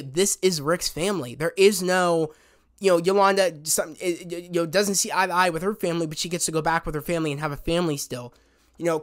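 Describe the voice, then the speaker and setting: Man, slightly high voice, rambling and heartfelt, casual show recap. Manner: rambling, heartfelt retelling of scenes. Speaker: TV show reviewer. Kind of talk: casual spoken episode review.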